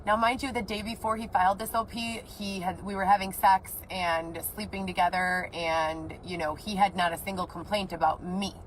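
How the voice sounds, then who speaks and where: A woman's voice: mid-range voice, steady tone, normal speed, hardly any pauses, slight background noise, low-quality recording. A woman telling her own story in an agitated, rambling way, swearing often. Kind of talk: emotional personal account.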